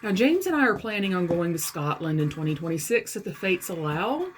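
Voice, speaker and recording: A woman's voice: fairly low pitch, very animated, brisk, a little hiss or hum. A woman from the American South with a Southern US accent, talking bluntly and with exasperation in a casual vlog. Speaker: vlogger. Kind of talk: casual talk to camera.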